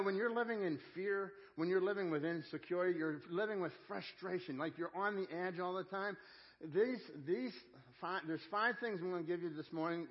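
A man's voice: high-pitched, lo-fi sound. A man preaching a sermon in an earnest, conversational way, often repeating and restarting phrases. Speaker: pastor.

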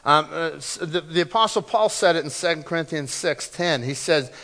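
Bright-voiced male pastor in a reverberant hall. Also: on the high side, normal speed. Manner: earnest, leads congregation in call-and-response; swings between loud emphasis and soft, hushed lines. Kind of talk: sermon. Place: church sanctuary. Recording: long reverb of a church hall.

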